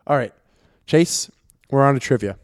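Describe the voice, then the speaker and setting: A man's voice: medium pitch, lively intonation, moderate pace, no echo, clean studio sound. A young man co-hosting a sports podcast in casual chat, teasing and bantering with his co-host.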